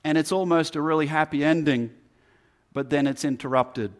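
A man's voice: fairly high pitch, normal speed. A man preaching a sermon, earnest and building emphasis through repeated phrases. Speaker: pastor.

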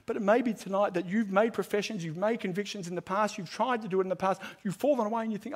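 High-voiced preacher, fervent. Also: male voice, fast talker, hardly any pauses, slightly rough. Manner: emphatic, swings from loud proclamation to hushed appeal. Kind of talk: evangelistic sermon. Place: large room with a live audience.

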